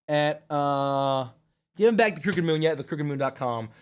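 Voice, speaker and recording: Man, livestream host, high put-on character voice, excitable, reads chat aloud, casual swearing. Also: moderate pace, clean tone.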